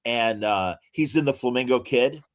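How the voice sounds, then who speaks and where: A man co-hosting a podcast keeps it casual, eagerly sharing trivia and leaning on many fillers, speaking at normal speed in a medium-pitched voice.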